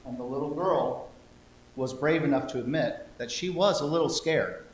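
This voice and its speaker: A man's voice: on the high side, normal speed. A man telling an interactive story to a congregation, playful and coaxing listeners to join in. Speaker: lay speaker telling a children's story. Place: church sanctuary. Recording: echoey church hall, faint hum.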